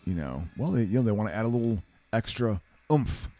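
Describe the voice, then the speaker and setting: Laid-back man, warm dark tone, agreeable rambling chat. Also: fairly low pitch, very animated, fairly quick, dry recording, faint music behind. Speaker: viewer commenting on a TV broadcast. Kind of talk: casual chat.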